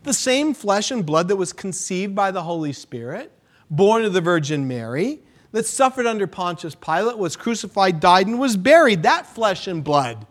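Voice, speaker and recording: A man preaching a sermon as pastor, with dramatic swings between hushed lines and loud, emphatic ones. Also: sits high, sing-song, moderate pace. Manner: dramatic preaching with sudden hushed drops and rises.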